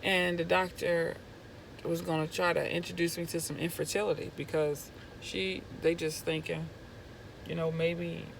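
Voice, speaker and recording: A young woman vlogger telling a personal story in an animated way, going from hushed to loud when excited. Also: lowish voice, normal speed, vocal fry, a little hiss or hum, low-quality recording. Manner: excitable, swings from hushed to near-shouting.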